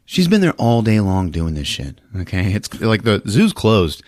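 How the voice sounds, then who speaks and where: A man hosting a podcast, recapping a movie in an animated, laughing comedic style. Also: on the low side, takes it slowly, dry recording, studio quality. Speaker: podcast host.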